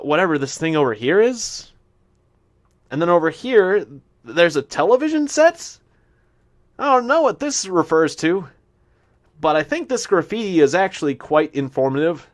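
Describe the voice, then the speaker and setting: A man giving casual commentary while he plays a game, chatting to the animals he meets and reading the game's text aloud. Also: a little high. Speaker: gameplay commentator. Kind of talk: casual let's-play commentary.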